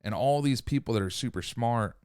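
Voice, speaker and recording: A man's voice: mid-range voice, brisk, a little mellow, clean tone, dry recording, studio quality. A man hosting a podcast in a casual, profane, rambling rant who sometimes loses his thread. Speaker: podcast host.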